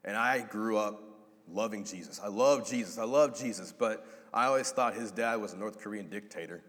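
A man preaching a sermon, animated and acting out the voices in his story. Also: fairly low pitch, normal speed. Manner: animated, acts out voices of God and Adam. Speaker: pastor. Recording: long hall reverb.

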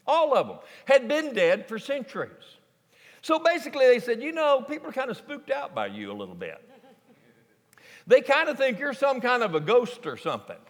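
A man preaching a folksy, animated sermon to a congregation in a large church sanctuary. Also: very high-pitched, normal speed. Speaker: pastor. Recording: long reverb of a large church hall.

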